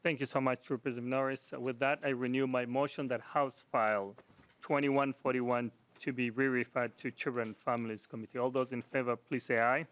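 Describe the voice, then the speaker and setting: A man's voice: mid-range voice, little pitch movement, fairly quick, fairly bright tone. A man chairing a legislative committee hearing, running motions and votes in a formal, procedural way.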